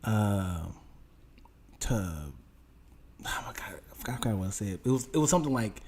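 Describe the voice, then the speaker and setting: Lively, animated man on a podcast. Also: lowish voice, normal speed, slight background noise. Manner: animated storyteller, pushes back with questions. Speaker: podcast co-host. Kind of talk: casual chat.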